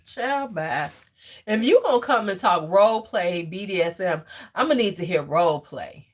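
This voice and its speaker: A woman's voice: lowish voice, lively intonation, normal speed. A middle-aged woman hosting a casual home livestream, blunt and joking, swearing freely, then cooing over a toddler. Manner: coos and fusses over a toddler. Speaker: livestream host. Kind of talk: casual live chat with viewers.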